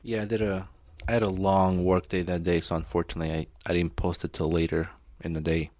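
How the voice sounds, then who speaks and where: A man's voice: sits low, level tone, fairly quick, a little mellow. A man co-hosting a beer podcast, chatting bluntly and swearing casually. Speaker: podcast co-host. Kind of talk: casual banter over beer.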